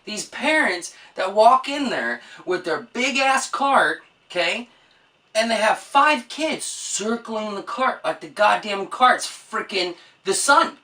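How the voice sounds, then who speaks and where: A woman vlogger on an exasperated, swearing comedic rant. Her voice is bright and forward. She sits some way back from the microphone. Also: mid-range voice, lively intonation, slow, far from the mic.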